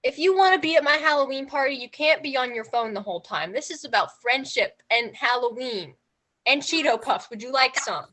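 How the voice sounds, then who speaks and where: Improv: a woman doing a blunt little girl host, high and bright. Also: expressive, brisk, heavily acted. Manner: blunt, childlike. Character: blunt little girl hosting her party. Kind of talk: improv comedy.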